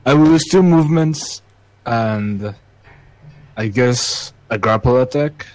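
A man's voice: fairly high pitch, moderate pace, a little mellow, soft background music, low-quality recording. A young man playing a tabletop game, stating his actions in a plain, matter-of-fact way. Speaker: player. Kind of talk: casual tabletop play.

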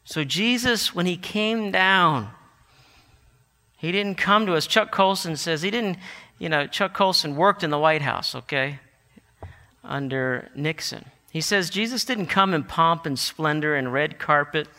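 A man preaching a sermon, animated and building to emphatic declarations. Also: on the high side, measured pace. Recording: long hall reverb.

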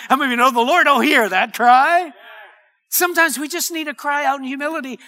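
A man preaching a sermon with passion, often rising to a shout and reading scripture aloud. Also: extremely high pitch, brisk. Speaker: pastor.

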